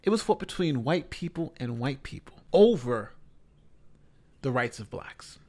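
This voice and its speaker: A man hosting reaction commentary on a news story, talking in an animated, incredulous way with lots of rhetorical questions. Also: mid-range voice, measured pace. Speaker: commentary host.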